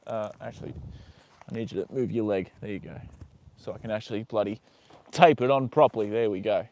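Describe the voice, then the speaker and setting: A man with a lowish, darkish voice talks briskly while live-streaming casually as he tends to a horse's leg. He mutters as he works, swears freely, and chats both with his viewers and with the horse.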